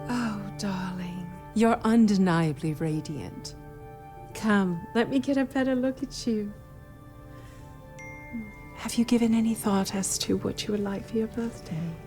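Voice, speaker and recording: A woman's voice: medium pitch, a little slow, warm tone, soft background music, close to an everyday voice. A woman playing a doting royal mother. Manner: gushing, affectionate. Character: doting royal mother, fussing over her daughter.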